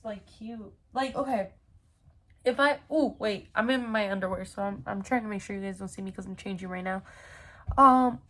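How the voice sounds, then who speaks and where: A woman's voice: mid-range voice, normal speed, fairly bright tone. Rambling nasal young woman vlogging. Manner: rambling, chatty, full of "like" and tangents. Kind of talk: casual rant to camera. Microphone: phone camera.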